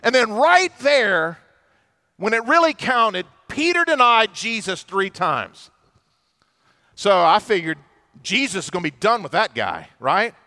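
A man preaching a sermon to a church audience, telling the story with lively, animated delivery and acting out the voices of the people in it. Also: high-pitched, measured pace. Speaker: pastor.

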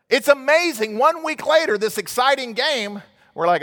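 A man's voice: extremely high pitch, lively intonation, moderate pace, fairly bright tone. A man preaching a sermon as a pastor, telling stories conversationally and building to emphatic outbursts. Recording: long hall reverb.

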